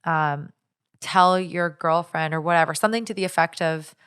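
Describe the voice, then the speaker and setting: A woman with a slightly low voice talks through a personal story on a podcast. Her delivery is loose and conversational, full of restarts and filler words. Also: normal speed, a bit bright, smooth. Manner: chatty, lots of 'like' and restarts, recounting a stalker story. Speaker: podcast co-host. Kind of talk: casual storytelling chat.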